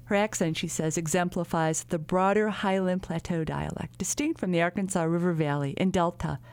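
A woman reporter giving measured, scripted narration for a radio feature. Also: on the low side, fairly even intonation, darkish tone, dry recording.

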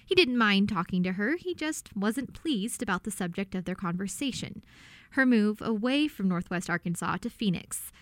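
A woman radio host reading a scripted introduction in a clear, measured way. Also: medium pitch, lively intonation, no echo, studio quality.

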